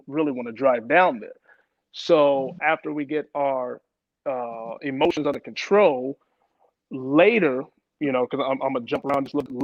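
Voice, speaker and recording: A young man giving a personal account in an interview, halting, with many restarts and repeated words. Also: medium pitch, no echo. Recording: dull lo-fi sound, dry.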